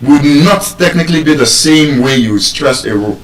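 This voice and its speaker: A man from Nigeria teaching a lesson on word stress to public speakers, measured and repetitive, asking his listeners questions as he goes. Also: fairly high pitch, lively intonation. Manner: measured, repeats key points, asks the audience questions. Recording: roomy echo, speaker far from the mic.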